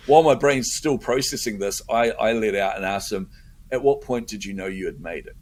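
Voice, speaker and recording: A man's voice: lowish voice, a little fast, slight background noise. A middle-aged man tells a story in a casual interview, acting out his own inner voice. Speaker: podcast host telling a story as a guest.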